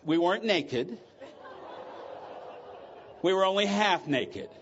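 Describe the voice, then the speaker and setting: High-voiced man telling his story. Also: lively intonation, slow pace, muffled recording, some chatter behind, a little hiss or hum. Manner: candid, joking, emotional storytelling. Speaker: recovery meeting speaker. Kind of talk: personal testimony talk.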